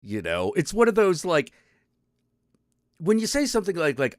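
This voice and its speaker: A stream host with a high voice and big pitch swings rants casually and profanely to his chat, rambling and exasperated with lots of restarts. He speaks at a normal speed, and the studio-quality recording has no echo.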